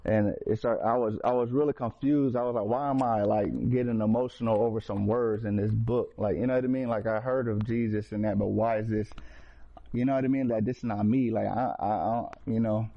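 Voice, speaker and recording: A man's voice: lowish voice, fairly even intonation, a little fast, creaky. Earnest man telling a slangy personal testimony. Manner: earnest, street slang, frequent restarts and fillers. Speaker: person sharing a faith testimony. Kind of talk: personal testimony, casual storytelling. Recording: slightly dull lo-fi recording.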